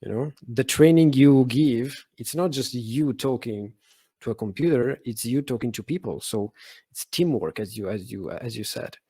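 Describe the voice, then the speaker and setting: A man's voice: mid-range voice, moderate pace, mellow, breathy edge, no echo. Italian-accented man who stutters, dry sound. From Italy. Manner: stutters, with frequent fillers and repeated words. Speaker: podcast guest. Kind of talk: conversational interview.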